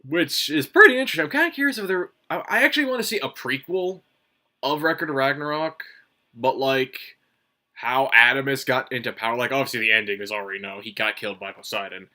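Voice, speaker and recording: This is a man with a sharp, bright tone, chatting through a review on his own. He rambles, swears freely and keeps restarting his sentences with fillers. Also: mid-range voice, quick pace. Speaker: manga reviewer. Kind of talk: casual solo review commentary.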